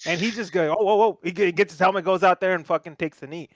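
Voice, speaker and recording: A young man with a fairly high voice hosts a casual sports podcast. He swears freely and tells the story in an animated way. The sound is dry and close. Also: fast, dry recording. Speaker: podcast host.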